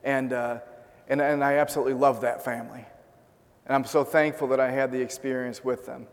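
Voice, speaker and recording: A man's voice: mid-range voice, flat delivery, fast, in a large hall. A man preaching a sermon, telling a story in an earnest way and asking his listeners rhetorical questions. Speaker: pastor.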